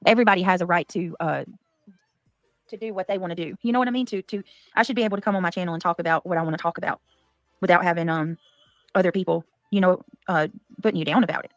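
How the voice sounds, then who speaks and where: A woman's voice: on the low side, fast, dry recording, studio quality. A woman chatting casually on a livestream, reading out and thanking donations.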